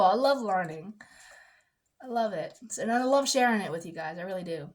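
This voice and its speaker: A young woman who works as a massage therapist, talking in a casual rambling vlog, chatty and animated, acting out quotes and sometimes dropping to a low mutter. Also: brisk.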